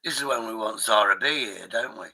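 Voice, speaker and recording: Brief: older man in his sixties, sharp bright tone, rambling and sweary, livestream host on a call. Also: fairly low pitch, fairly quick, breathy edge, rough recording. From Derbyshire, England. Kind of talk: casual chat.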